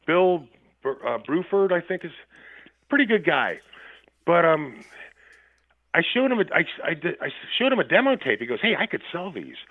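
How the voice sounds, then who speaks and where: A man's voice: on the high side, big pitch swings, moderate pace, long pauses, dry recording. A man talking as a guest musician in a radio interview, telling loose, profane anecdotes with laughs mixed in. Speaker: band member guest. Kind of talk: casual interview storytelling. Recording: tinny phone line.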